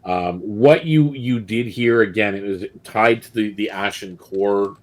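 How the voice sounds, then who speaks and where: A man runs a tabletop game as game master, talking slowly and low. He pauses often and fills gaps with ums as he narrates. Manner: unhurried, hesitant, many ums.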